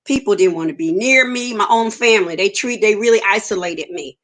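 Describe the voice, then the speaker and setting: A woman's voice: medium pitch, a little fast, a bit bright. A woman, giving an earnest personal testimony in an interview and acting out the dialogue she quotes. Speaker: interview guest.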